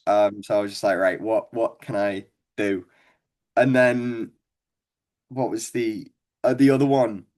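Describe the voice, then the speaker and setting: A man's voice: lowish voice, fairly even intonation, unhurried, pauses often, a little mellow. A young man with a Scouse accent, a stand-up comedian guest telling rambling, sweary stories and laughing along. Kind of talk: casual storytelling chat.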